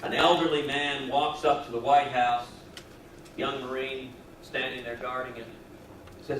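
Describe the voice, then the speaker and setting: A man's voice: mid-range voice, fairly even intonation, normal speed. A man giving an emphatic, folksy campaign speech at a public event. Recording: echoey room, mic far off, crowd noise.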